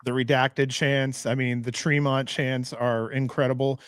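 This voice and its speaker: A man's voice: mid-range voice, level tone, a little slow, clean tone, no room sound, clean studio sound. A man chatting on a podcast, asking long rambling questions and laughing easily. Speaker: podcast guest. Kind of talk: casual podcast chat.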